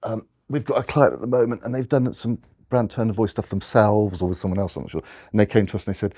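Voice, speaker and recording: A man's voice: on the low side, fairly even intonation, quick pace, hardly any pauses, warm tone. A man giving a conversational slide talk to an audience, often restarting and correcting himself. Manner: rambling, restarts, self-corrections.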